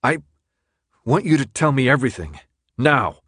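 A man's voice: medium pitch, very animated, moderate pace, a bit bright, slightly rough, dry recording, studio quality, voice pushed up. A man voicing a tense, sarcastic teenage boy held captive, pushing back at his jailer. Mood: angry. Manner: sarcastic, defiant.

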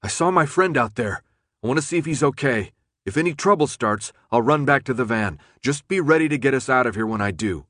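A stubborn teenage boy, desperate and urgent, his voice pushed high and loud, as a male audiobook narrator plays him. The recording is dry and close. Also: lively intonation, fairly quick, no echo, close to an everyday voice. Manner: urgent, shouting.

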